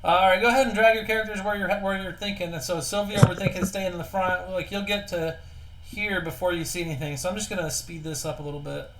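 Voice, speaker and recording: A man's voice: high voice, steady tone, fast talker, fairly bright tone, slight background noise, poor audio. A man running a tabletop game as game master, talking in an easygoing, jokey way.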